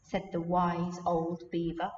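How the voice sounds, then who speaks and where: A woman teacher reading a story aloud to children in a lively, expressive way, in a large room. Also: fairly low pitch, slow pace. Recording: echoey room from far off, dull.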